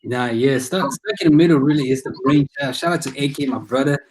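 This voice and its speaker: A man's voice: mid-range voice, fairly quick, darkish tone, breathy edge, low-quality recording. A young man from Cameroon with a Cameroonian accent, chatting casually as an interview guest and filling his talk with "you know what I mean". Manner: laid-back, many "you know what I mean" fillers. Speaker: guest musician and podcast host.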